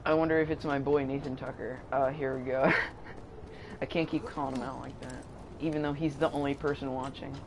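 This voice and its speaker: A man's voice: mid-range voice, steady tone, brisk, creaky. A young man rambling and joking as he comments on his gameplay. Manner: rambling, joking, self-mocking. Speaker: game streamer. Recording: game audio noise behind.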